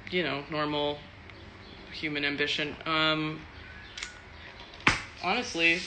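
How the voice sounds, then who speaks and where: A woman's voice: low voice, flat delivery, slow pace, background noise. A woman from Texas, an actor, answering fan questions in a loose, chatty live stream, swearing freely and laughing often. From Texas, USA.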